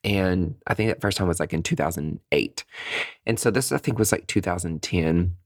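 A man, a nurse, telling a personal story in a casual, animated way, often laughing and acting out his reactions. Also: sits low, moderate pace, creaky, dry recording, clean studio sound. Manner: breaks into giggles mid-sentence.

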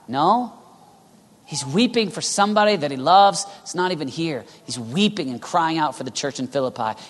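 A man preaching a sermon with passion, swinging between loud urging and hushed whispers. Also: a little high. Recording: long reverb of a large hall.

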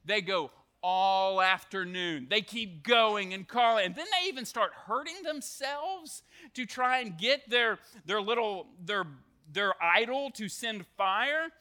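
Animated, bright-voiced male preacher. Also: high-pitched, a little slow. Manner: animated storytelling with jokes and asides. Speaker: youth pastor. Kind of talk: sermon to students.

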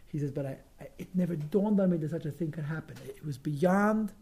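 A man with a gravelly, husky voice that sits a little high for a man. He tells a story as a lesson, repeating words for weight and acting out quotes with feeling. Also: fairly quick, mellow. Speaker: teacher telling a story.

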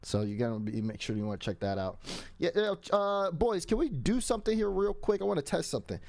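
High upbeat show host, dry sound. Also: male voice, big pitch swings, quick pace, creaky, a little mellow, dry recording. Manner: upbeat promo delivery, joking. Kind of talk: casual esports show hosting.

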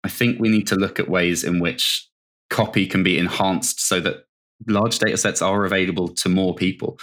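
A UK man co-hosts a podcast in casual chat, his low-pitched voice sharp in tone and, by his own description, nasal. He comes across as opinionated and wry.

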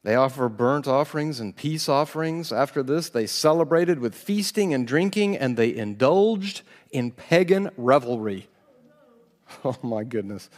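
A man's voice: mid-range voice, lively intonation, measured pace, long reverb tail. A man preaching a sermon, reading scripture aloud with dramatic voices and chuckling as he comments. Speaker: pastor.

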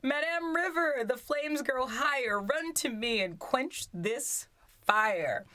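A woman's voice: sits high, expressive, slow, sharp tone, pitched above the performer's own voice, full character voice. A woman doing a plucky, stubborn male duck from a storybook who chants his pleas in rhyme. The voice sits well above her own and swoops up and down. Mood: sing-song pleading. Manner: sing-song rhyming calls.

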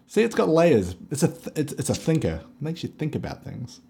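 A man's voice: a little high, sing-song, fairly quick, vocal fry, dark tone, slightly rough. A man co-hosting a podcast in casual chat, joking dryly and agreeing a lot. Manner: dry joking, lots of agreeing yeahs. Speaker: podcast co-host.

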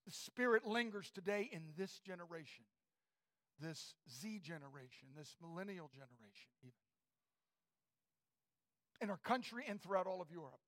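Male preacher, very high voice, fervent sermon, shouts and hushed asides, church. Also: animated, normal speed, pauses often.

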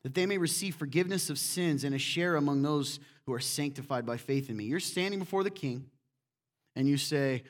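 A man preaching a sermon in a church, animated and acting out quotes in different voices. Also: on the high side, normal speed. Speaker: pastor.

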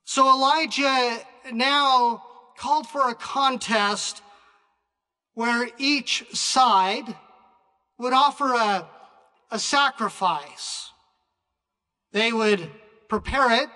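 A man delivers a sermon at a very unhurried pace, pausing often and restarting phrases. His voice sits unusually high and sounds bright. The sound rings with the long reverb of a large hall. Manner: slow, deliberate preaching with frequent pauses and restarts. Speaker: preacher.

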